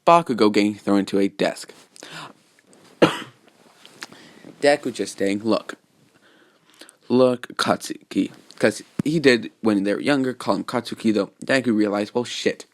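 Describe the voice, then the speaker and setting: Low-voiced man rambling through a story. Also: moderate pace, pauses often, no room sound. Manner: rambling, filler-heavy. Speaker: fan story narrator. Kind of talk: casual retelling of a fan story.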